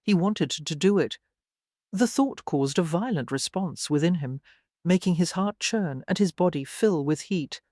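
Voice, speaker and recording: A woman narrating an audiobook with an expressive, dramatic reading. Her voice sits somewhat low, and the sound is dry and close, with no room around it. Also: measured pace, no echo. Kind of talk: scripted narration.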